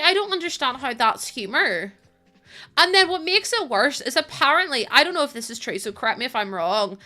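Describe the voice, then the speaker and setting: A young British woman chatting casually to her viewers while she plays a game on a live stream. She talks in an expressive, chatty way, swears freely and laughs often. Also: high-pitched. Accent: British English.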